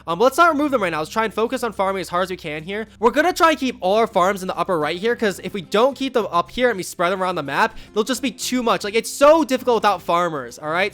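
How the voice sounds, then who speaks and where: A man's voice: sits high, a bit bright. A young man giving casual gameplay commentary as a YouTuber, upbeat and rambling with many fillers and asides. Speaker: gaming YouTuber.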